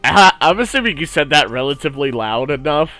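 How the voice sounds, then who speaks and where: A man narrates a tabletop game as game master in an easygoing, chatty way. His voice sits a little high. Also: animated, brisk, bright, forceful tone, faint music behind. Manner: casual, laid-back narration with fillers.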